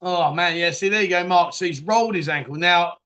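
A man's voice: sits high, brisk, bright, forceful tone, highs cut off. A man hosting a casual live chat stream, reading viewer comments aloud and laughing often. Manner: chatty, laughs often, trails off and restarts.

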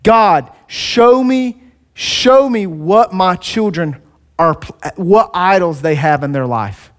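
A man's voice: high voice, expressive, slow pace. A man preaching a sermon as pastor, conversational and joking, with asides to the congregation.

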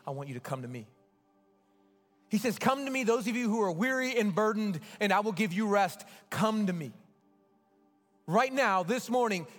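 A pastor giving a sermon and altar call, swinging between loud urging and hushed pleading. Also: male voice, fairly high pitch. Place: large church sanctuary. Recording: long hall reverb with faint music.

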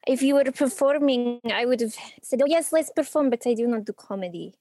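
A woman's voice: on the high side, a little fast, dark tone, lightly acted. A woman voicing a humourless companion who speaks in a stiff, formal way.

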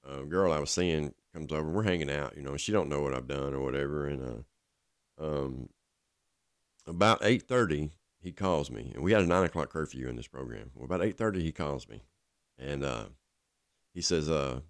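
A man with an extremely low, rumbling voice tells a personal story in a loose, rambling way, with plenty of filler words. The sound is dry and close, with no room around it. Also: normal speed, no echo. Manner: rambling, casual, full of fillers. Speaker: recovering addict telling his story.

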